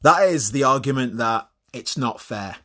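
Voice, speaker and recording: A man talks through his opinions alone in a husky, slightly breathy voice. He is blunt and swears freely. He often restarts and repeats words while he works through a point. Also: mid-range voice, animated, measured pace, bright, forceful tone. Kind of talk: opinionated solo monologue.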